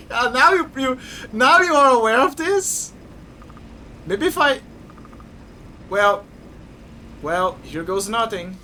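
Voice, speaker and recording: Lively, bright-voiced game streamer. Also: mid-range voice, takes it slowly, long pauses, a little hiss or hum. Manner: animated, reacts aloud while playing. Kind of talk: casual game commentary. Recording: faint game music behind.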